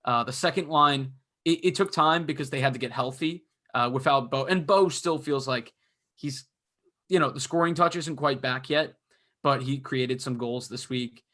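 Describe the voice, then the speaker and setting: Bright-voiced man rambling through hockey analysis. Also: mid-range voice, moderate pace. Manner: rambling, filler-heavy analysis. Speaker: podcast co-host. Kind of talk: casual sports chat.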